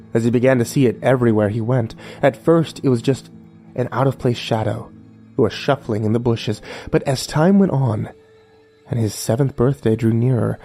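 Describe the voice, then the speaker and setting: A man reading a horror story aloud in a measured, dramatic narration. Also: medium pitch, vocal fry, mellow. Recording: faint music underneath.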